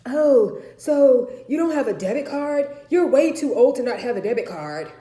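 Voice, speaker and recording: A woman's voice: sits high, animated, moderate pace, warm tone, echoey room, voice pushed up. A woman mimicking a prying, scornful older mother. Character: prying, nagging older mother, sharp-tongued.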